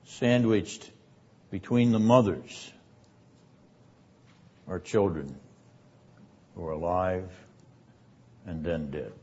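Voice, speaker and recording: Slow, deliberate older male lecturer. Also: low-pitched, darkish tone, slightly rough. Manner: measured, deliberate delivery, rising in force for quoted verses. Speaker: seminary lecturer. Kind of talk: classroom lecture on scripture. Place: classroom. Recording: dull lo-fi lecture recording.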